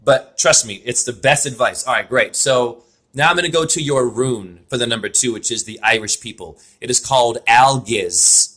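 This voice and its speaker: A man's voice: mid-range voice, normal speed, sharp tone. A man giving a spiritual name reading over a video call, talking in an effusive, rambling way full of wordplay.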